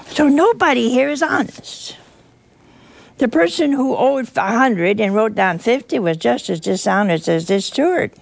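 A woman's voice: mid-range voice, animated, measured pace. An older woman preaching a sermon, telling the story with animation, acting out quotes and asking the listeners questions. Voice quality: gravelly.

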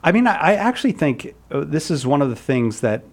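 A man's voice: a little high, big pitch swings, brisk. A man hosting a call-in radio talk show, teasing his guests and laughing easily. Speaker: radio host.

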